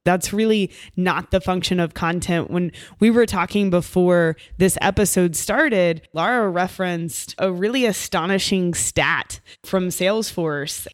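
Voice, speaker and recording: Woman, podcast co-host, lowish pitch, chatty and animated, dry close sound. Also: measured pace, hardly any pauses, no room sound. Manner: chatty, animated storyteller with "like" and "you know". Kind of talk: casual storytelling chat.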